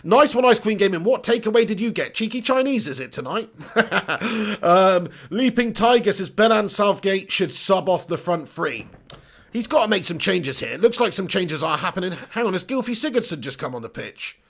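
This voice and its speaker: Reading chat aloud during his live football watch-along, the man in his thirties swears and trades banter with viewers. His high voice moves with lively intonation at a slightly quick pace.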